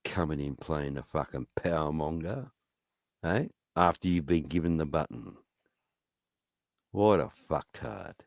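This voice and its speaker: A man's voice: low-pitched, gravelly, a little mellow, no room sound. A man in a profane, taunting rant, firing goading questions at someone. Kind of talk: angry rant.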